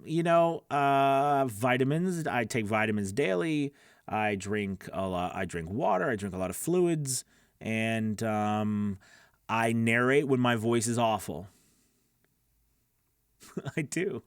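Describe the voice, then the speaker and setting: Male host of a casual live class, chatty and rambling, mid-pitched, recorded dry and close. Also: dry recording. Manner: rambling and conversational, many fillers and restarts; laughs often, answers viewers by name. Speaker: voice-over coach hosting a live class. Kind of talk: casual live-stream teaching, reading chat questions.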